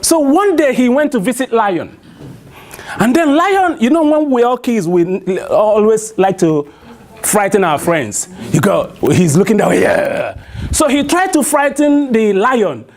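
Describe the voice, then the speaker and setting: Nigerian man telling a folk tale live, high voice, keeps asking the crowd "what?". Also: unhurried. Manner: call-and-response questions, animated. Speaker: storyteller. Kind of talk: live oral storytelling to an audience.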